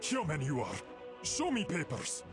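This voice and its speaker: An actor voicing a suspicious game program in a Russian accent, speaking clipped broken English and barking orders. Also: male voice, a little high, wildly swooping pitch, unhurried. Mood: gruff. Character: suspicious male Russian-style game program, gruff soldier. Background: game music.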